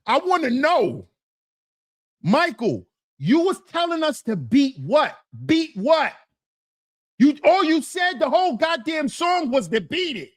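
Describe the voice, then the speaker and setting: Woman host, ranting stream commentary; higher voice swinging wide, mocking repetition. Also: slow pace, no room sound, clean studio sound. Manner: animated, repetitive, mocking, laughs through points.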